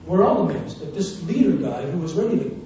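Male preacher, high voice, fervent testimony sermon, distant muffled echoey hall recording. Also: lively intonation, a little fast, creaky, a little hiss or hum. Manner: fervent storytelling, swinging from hushed to loud.

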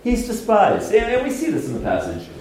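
A man preaching a lively sermon in a casual, slangy way, swinging between loud outbursts and hushed asides. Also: high voice, fairly quick, slight background noise. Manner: casual, slangy delivery with frequent laughs. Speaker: pastor. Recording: echoey hall from a distance.

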